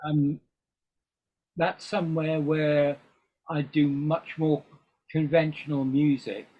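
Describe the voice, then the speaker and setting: On a dull, lo-fi recording, an older man from England chats as a guest musician in a relaxed interview. His voice is on the high side and steady, the pace slow, and his talk meanders with lots of ums and false starts.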